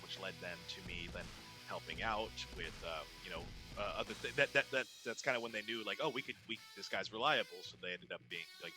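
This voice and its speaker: A young man, a ring announcer, telling a story casually in an interview and acting out the conversations he quotes. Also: lowish voice. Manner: animated, acts out quoted exchanges.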